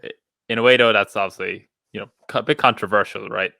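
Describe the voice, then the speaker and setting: Low, bright-toned man on a podcast. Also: fairly even intonation, fast, gravelly, no room sound. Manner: easygoing, brief agreeing replies. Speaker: podcast panelist. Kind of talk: casual chat.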